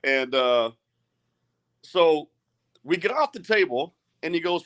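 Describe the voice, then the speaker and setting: A man's voice: fairly high pitch, lively intonation, slow, a bit bright. A middle-aged man, an arm wrestler, speaking bluntly and with a lot of swearing in a heated live-stream rant. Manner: profane, blunt and agitated.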